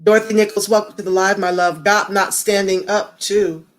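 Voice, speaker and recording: A woman's voice: medium pitch, steady tone, moderate pace. A woman hosting a casual livestream, talking straight to viewers and greeting commenters by name. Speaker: livestream host.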